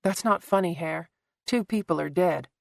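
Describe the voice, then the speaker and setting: A woman's voice: fairly low pitch, moderate pace, vocal fry, dry recording, studio quality. A woman voicing a guarded adult woman who answers curtly and defensively in an audiobook. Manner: curt, defensive.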